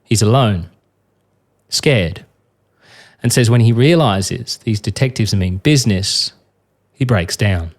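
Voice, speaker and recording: A man hosting a documentary podcast, reading scripted narration in a measured, dramatic way. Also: on the low side, expressive.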